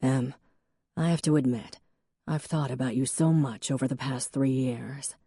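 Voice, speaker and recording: A woman reads a mild, self-assured young man in an audiobook. His voice sits low and mellow and stays gently earnest as he preaches about work and goals. The recording is dry and close. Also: fairly even intonation, moderate pace, slightly rough, no room sound, exaggerated voice. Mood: soft earnest.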